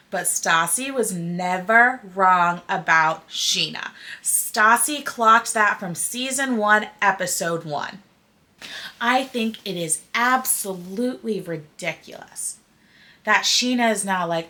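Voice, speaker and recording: A young woman hosting a casual pop culture podcast, opinionated and animated, saying "like" constantly. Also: mid-range voice, unhurried. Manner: animated, opinionated, heavy use of "like". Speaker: podcast host.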